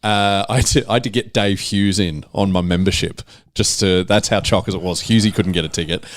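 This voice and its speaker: A man's voice: low voice, a little fast. A man with an Australian accent, hosting a casual football podcast and telling stories with lots of acted-out back-and-forth. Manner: animated storyteller, acts out exchanges. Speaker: podcast host. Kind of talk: casual footy chat.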